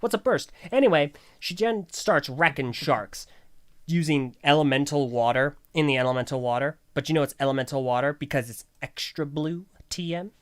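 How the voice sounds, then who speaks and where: A man's voice: fairly high pitch, normal speed. Guy on a podcast doing a jokey, sarcastic recap, casual and rambling. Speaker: podcast host.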